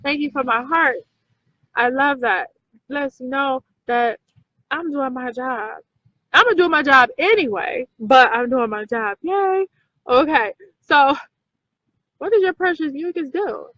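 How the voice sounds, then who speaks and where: Emphatic high-voiced woman, slow talk. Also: expressive, pushed and bright, dry recording, highs cut off. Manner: emphatic, repeats herself, asks "okay?". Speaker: video host. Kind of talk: casual talk to viewers.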